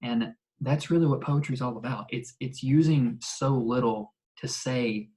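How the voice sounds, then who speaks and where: A man's voice: medium pitch, moderate pace, a little mellow, low-quality recording. A man teaching a ninth-grade English class in a recorded remote lesson, explaining in a casual way with many fillers and restarts.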